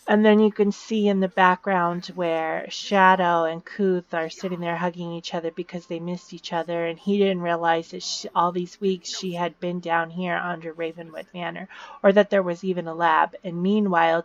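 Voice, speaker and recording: Woman, casual game story narration, lowish voice, explanatory, chatty fillers, dull lo-fi sound. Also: little pitch movement, moderate pace. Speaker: video narrator.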